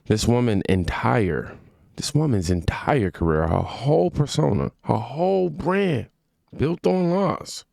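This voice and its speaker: A man's voice: mid-range voice, lively intonation, unhurried, gravelly, a little mellow, dry recording, studio quality. A man hosting a political reaction channel, talking in a slangy, mocking way with asides to his viewers. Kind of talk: casual political reaction commentary.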